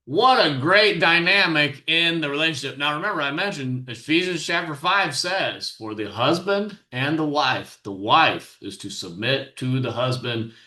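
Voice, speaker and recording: A man's voice: a little high, animated, normal speed, few pauses, sharp tone, reverberant. A man hosting his own commentary show, reacting to video clips with exasperated, sarcastic and preachy remarks. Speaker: host and commentator.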